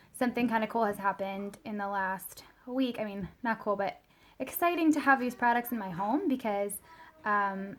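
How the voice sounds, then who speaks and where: A woman's voice: mid-range voice, slight background noise. A woman in her thirties, a mother telling a casual vlog story, chatty and full of fillers. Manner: chatty, lots of fillers and "like", quotes her child in a small soft voice. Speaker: mother sharing a product story.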